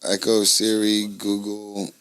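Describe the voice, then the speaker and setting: A man's voice: on the low side, completely flat delivery, takes it slowly, fairly bright tone, clean tone. A man co-hosting a casual comedy podcast who riffs and mimics phone voices. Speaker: podcast co-host.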